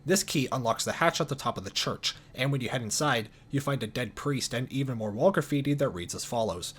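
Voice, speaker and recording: A man narrating video game lore in a calm, dry scripted style with casual swearing. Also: mid-range voice, brisk, slightly rough.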